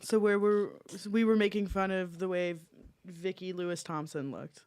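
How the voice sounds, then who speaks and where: Low-voiced woman co-hosting a chatty podcast. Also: steady tone, normal speed, darkish tone, smooth, no echo. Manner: rambling, self-correcting. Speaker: podcast co-host. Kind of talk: casual chat.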